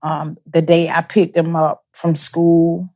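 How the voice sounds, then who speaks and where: A woman speaking as an interview guest, giving personal testimony as a bereaved mother, soft-spoken and halting, often repeating her words. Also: low voice, monotone.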